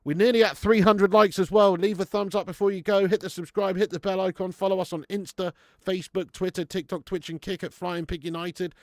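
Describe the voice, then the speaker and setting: A man's voice: sits high, little pitch movement, brisk, hardly any pauses, darkish tone, dry recording, clean studio sound. A man hosting a live football watch-along from home. He chats casually, swears freely and calls out viewers by name. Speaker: live stream host.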